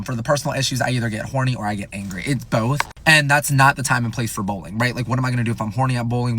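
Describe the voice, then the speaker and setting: Fast-talking man telling a wild story. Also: fairly high pitch. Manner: animated, profane, self-mocking, jumps between loud and quiet asides. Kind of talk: casual storytime monologue.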